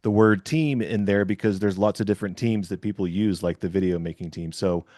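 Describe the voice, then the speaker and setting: A man runs a relaxed interview. He talks in a chatty, rambling way, full of fillers and restarts. The recording is dry and close. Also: deep voice, brisk, dry recording. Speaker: podcast interviewer. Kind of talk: casual interview chat.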